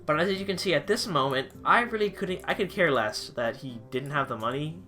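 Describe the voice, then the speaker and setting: A young man with a bright, sharp voice rambles through a storytime rant, exasperated and casual. He swears offhandedly and keeps circling back to his point, over faint background music. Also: a little high, animated, brisk. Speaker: vlogger, pizza delivery driver.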